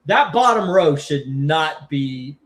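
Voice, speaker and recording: A man hosts a live comic book auction, talking in a casual, excitable way as he pitches deals. His voice sits a little high. He moves quickly from chatter to bargains. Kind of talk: casual live-stream selling chat.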